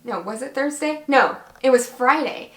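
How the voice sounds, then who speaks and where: A young woman vlogger casually recounting a story, chatty and animated, acting out quoted dialogue. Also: high voice, normal speed, roomy sound.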